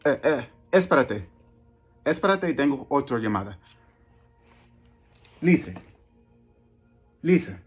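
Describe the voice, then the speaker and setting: A man voicing a brash, loud Spanish-speaking character named Felipe. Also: mid-range voice, sing-song, measured pace, pauses often, breathy edge, soft background music.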